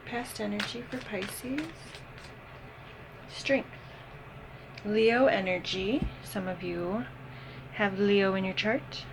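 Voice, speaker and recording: A woman giving a casual tarot reading, unhurried and thinking aloud with frequent pauses and ums. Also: medium pitch, noisy background. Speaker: tarot reader.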